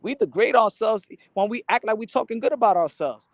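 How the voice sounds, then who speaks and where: A man's voice: sits high, animated, fairly quick, dry recording, dull audio. A man hosting a boxing channel, ranting casually to the camera, cursing often, stumbling over and repeating his words, and slipping into Spanish phrases. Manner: rambling and profane, stammers and repeats words.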